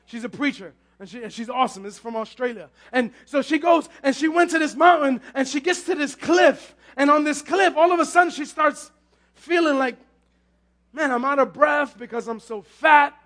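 His voice very high-pitched and his pace fairly quick, a male pastor preaches with fervor. He often stumbles, repeats phrases, and breaks into shouts.

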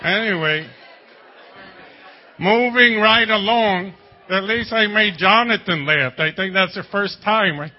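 Male pastor, high voice, chatty sermon full of asides and questions, dull lo-fi sound. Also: unhurried, some chatter behind. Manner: conversational preaching, jokes and rhetorical questions.

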